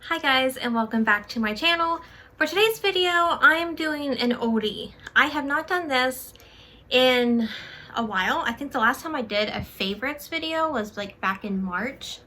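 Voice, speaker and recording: A woman's voice: high-pitched, lively intonation, moderate pace, sharp tone. A young adult woman chatting casually about her monthly favorites on her channel, full of "like" and "um", a bit out of breath. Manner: chatty, filler-heavy with lots of "like" and "um". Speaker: book YouTuber.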